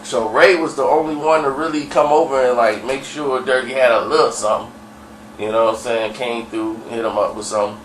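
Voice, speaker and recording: A man's voice: mid-range voice, fairly even intonation, a little fast, a bit bright, a little hiss or hum. A man telling a story in a loose, slangy, rambling way. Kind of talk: casual storytelling. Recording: roomy, distant mic, faint ambience.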